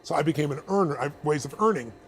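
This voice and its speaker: A man, a motivational speaker, answering interview questions with animated, laughing stories. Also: on the high side. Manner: animated, fast, laughing storyteller.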